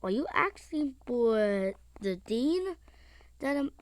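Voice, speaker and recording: A woman commenting as she plays a mobile game, excitable, with sing-song chatter and yelps. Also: a little high, slow pace, no echo. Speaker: gamer.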